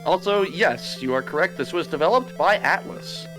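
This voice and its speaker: Male stream co-host, fairly high pitch; loud, joking, swears freely; faint music. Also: expressive, normal speed. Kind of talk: casual game-stream banter.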